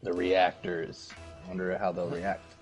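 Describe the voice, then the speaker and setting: A man's voice: deep voice, monotone, slow pace, over music. A man gaming with a friend, making wry quips and laughing often. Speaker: gamer co-host. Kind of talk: casual gaming chat.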